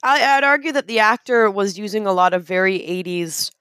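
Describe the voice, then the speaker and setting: A woman's voice: medium pitch, lively intonation, a little fast, fairly bright tone, clear, resonant tone, no room sound, clean studio sound. A woman chatting casually about a movie, playful and acting out imagined dialogue.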